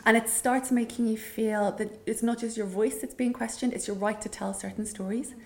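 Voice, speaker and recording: A woman's voice: fairly high pitch, steady tone, moderate pace. A middle-aged woman writer from Northern Ireland speaking reflectively at a literary event, with frequent ums and restarts. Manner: thoughtful, many ums and restarts, storytelling. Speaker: writer and anthology editor.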